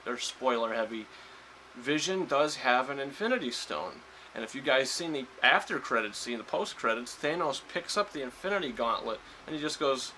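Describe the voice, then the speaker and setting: A man's voice: medium pitch, bright, forceful tone, a little hiss or hum, low-quality recording. A man giving a casual spoiler review of a film, rambling with lots of fillers and restarts. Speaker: movie reviewer.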